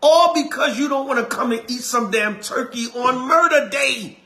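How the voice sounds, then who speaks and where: A man's voice: extremely high pitch, normal speed, sharp tone. A middle-aged man, an elder preaching a sermon in an emphatic, repetitive, colloquial way.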